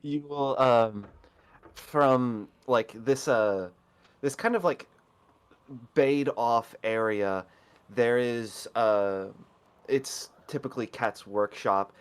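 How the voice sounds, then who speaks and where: A man narrating a scene in a tabletop role-play game, halting with many fillers. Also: medium pitch, clean tone. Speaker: player.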